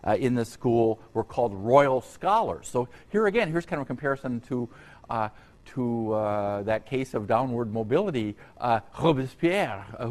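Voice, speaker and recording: Halting man giving a history lecture. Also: mid-range voice. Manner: halting, full of uh and um fillers and restarts; digressive, conversational asides to students. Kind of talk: unscripted university lecture. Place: lecture hall.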